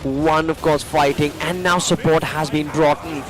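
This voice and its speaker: A man casting a live esports match, growing excited at big plays. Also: a little high, normal speed. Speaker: esports caster. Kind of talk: live game commentary.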